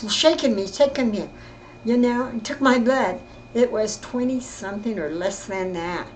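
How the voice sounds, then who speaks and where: An older woman telling her own story in casual, rambling speech, often halting and repeating herself. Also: on the high side, darkish tone, a little hiss or hum, rough recording. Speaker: interviewee recounting her life. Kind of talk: casual spoken reminiscence.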